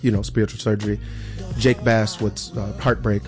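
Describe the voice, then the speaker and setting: A man's voice: fairly low pitch, level tone, moderate pace, music in the background. A man being interviewed as a musician, talking in a loose, casual way with many fillers and restarts. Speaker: musician guest.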